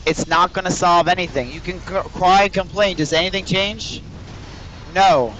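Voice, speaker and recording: A man's voice: high voice, moderate pace, fairly bright tone, a little hiss or hum. A man streaming a video game, chatting casually with his viewers in a rambling, profane way. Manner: rambling, profane, talks straight to chat. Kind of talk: casual livestream chat with viewers.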